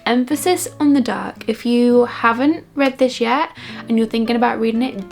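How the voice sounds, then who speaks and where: A young woman chatting casually in a home vlog, enthusiastic and sometimes dropping to a soft hush. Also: a little high, fairly even intonation, normal speed, vocal fry, faint music behind. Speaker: vlogger. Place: cosy home reading corner.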